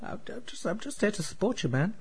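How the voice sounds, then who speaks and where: High husky Australian man, giggly. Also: big pitch swings, fast talker. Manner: giggly, playful ribbing. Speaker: podcast co-host. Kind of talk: casual podcast banter.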